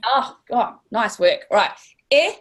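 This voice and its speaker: A woman's voice: on the high side, lively intonation, takes it slowly. A woman with a New Zealand accent teaching a class, upbeat and encouraging, stretching words out to model sounds. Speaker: language teacher.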